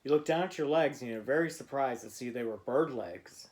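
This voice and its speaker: A man telling a bedtime story to a child. His voice sits at a middle pitch and his telling is gentle and playful, dropping softer on the quiet lines. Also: fairly quick.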